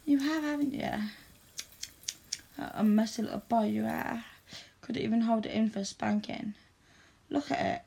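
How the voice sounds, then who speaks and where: A woman's voice: fairly high pitch, creaky, darkish tone, slightly rough. A woman performing an adult audio role-play in a stern, teasing, commanding manner.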